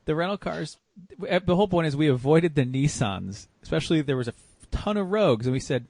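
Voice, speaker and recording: A man's voice: a little high, expressive, brisk, darkish tone, no echo. A man hosting a casual car podcast, telling wry stories with many restarts. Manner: rambling, wry storytelling with restarts. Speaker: podcast host.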